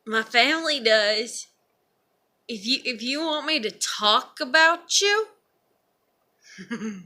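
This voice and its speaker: A woman's voice: fairly high pitch, animated, slow pace, pauses often, sharp tone. A woman vlogger talking in a profane, meandering monologue with frequent laughs and sighs. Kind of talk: casual rambling monologue.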